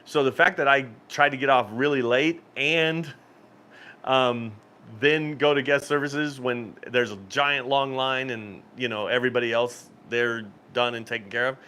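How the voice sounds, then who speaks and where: Man, mid-pitch, easygoing live-stream host, rambles and laughs through stories. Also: fairly even intonation, normal speed, bright, forceful tone, smooth. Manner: rambling storyteller, frequent laughs and restarts. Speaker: cruise channel host. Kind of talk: casual live-stream chat.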